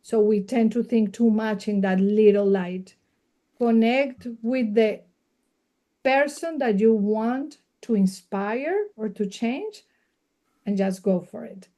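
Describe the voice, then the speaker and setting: A woman's voice: on the high side, takes it slowly, warm tone. A woman with a Spanish accent, a non-native English speaker, talking earnestly as a guest media coach in a casual podcast interview and laughing readily.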